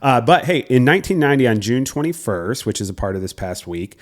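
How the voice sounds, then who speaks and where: A man in his forties co-hosting a podcast, telling stories in a casual, animated way and swearing freely. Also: mid-range voice, fast. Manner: animated storyteller who swears freely and acts out quotes. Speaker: podcast co-host. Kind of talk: casual storytelling chat.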